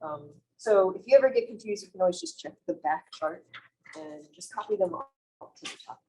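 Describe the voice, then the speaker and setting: Woman, math lecture, classroom, mellow voice, friendly, reassuring. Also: lowish voice, lively intonation, a little fast, a little hiss or hum, rough recording. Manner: friendly, reassuring, asks frequent check-in questions. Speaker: math instructor. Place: classroom, also streamed on video call.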